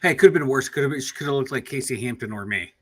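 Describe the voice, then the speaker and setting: A man with a Pittsburgh accent co-hosting a casual sports podcast. He answers with quick wisecracks in a bright, forward voice. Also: medium pitch, animated, husky. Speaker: podcast co-host.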